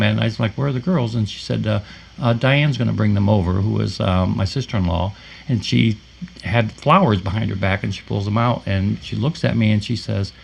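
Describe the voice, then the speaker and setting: A man co-hosting a paranormal podcast, telling a personal story in a halting way with many fillers and restarts. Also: fairly low pitch, creaky, a little hiss or hum. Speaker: podcast co-host. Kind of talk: casual storytelling.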